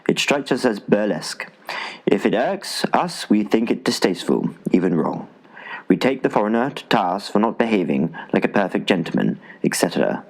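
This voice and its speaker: A man reading a travel essay aloud as an audiobook narrator, in an expressive style with dry humor. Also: on the low side, rough recording. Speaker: audiobook reader. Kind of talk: scripted narration.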